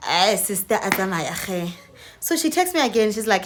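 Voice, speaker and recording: A young South African woman telling a storytime vlog in an animated, dramatic way, acting out dialogue and switching languages mid-sentence. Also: medium pitch, a little fast. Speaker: vlogger.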